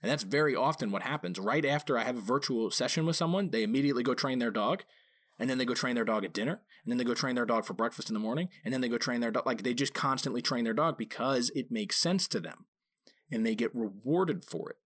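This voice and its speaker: A man's voice: fast, a bit bright. A man who trains dogs, explaining in an informal talk and stressing points by repeating key phrases. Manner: acts out quoted voices with big pitch jumps. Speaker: dog trainer.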